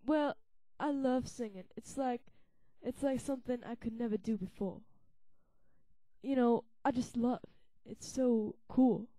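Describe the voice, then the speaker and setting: Fan-dub: woman as a gushing skeleton who loves to sing, high-pitched. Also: fairly even intonation, a little slow, warm tone, dry recording, close to an everyday voice. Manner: gushing, wistful. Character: dreamy male skeleton who loves singing. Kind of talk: fan comedy dub of a game.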